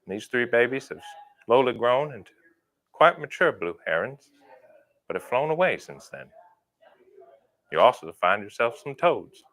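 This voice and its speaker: A man putting on a deep, sultry voice to play a slow, languid nature guide. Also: sing-song, a bit bright, low-quality recording.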